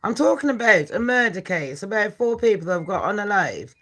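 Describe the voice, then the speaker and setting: A woman in her forties, hosting a stream, confronts and curses at commenters while ranting between true-crime talk. Her medium-pitched, slightly bright voice swings widely in pitch and moves fairly quickly.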